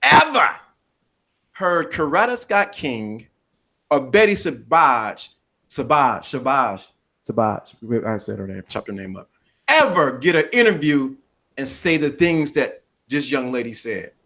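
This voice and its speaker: Preachy, animated podcast man. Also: medium pitch, unhurried. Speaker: podcast co-host. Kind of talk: casual podcast talk.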